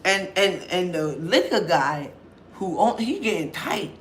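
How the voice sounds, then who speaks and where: Animated woman telling a bar story. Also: lowish voice, a little slow, a little hiss or hum. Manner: animated, acts out others' voices, profane. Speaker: vlogger. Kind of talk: casual storytelling.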